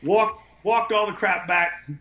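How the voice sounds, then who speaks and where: In an unhurried, high-pitched voice that is bright and forceful with a steady tone, the window cleaning business owner shares casual stories on a podcast. He drifts from one point to the next, blunt and full of profanity, over echoey, dull lo-fi audio.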